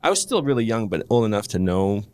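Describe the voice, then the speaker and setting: A man's voice: lowish voice, very animated, fast, darkish tone. A man, a wrestler guest, telling a story in a rambling way full of restarts. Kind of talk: casual storytelling.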